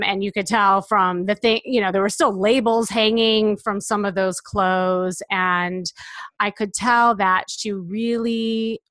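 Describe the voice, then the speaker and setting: A woman's voice: mid-range voice, dry recording. Woman stylist telling a client story. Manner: lively, acts out dialogue in quotes. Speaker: personal stylist.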